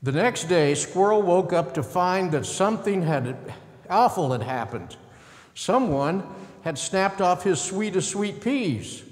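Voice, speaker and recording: A male pastor telling a story to children during a service, gently, with asides. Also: sits high, big pitch swings, slow. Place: church sanctuary. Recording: echoey church sanctuary.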